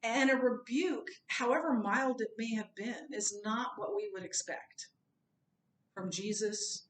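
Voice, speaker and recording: A woman's voice: fairly high pitch, a little slow. A woman teaching a Bible class in a conversational, informal way, with personal asides. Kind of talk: recorded Bible lesson. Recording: roomy, from a distance.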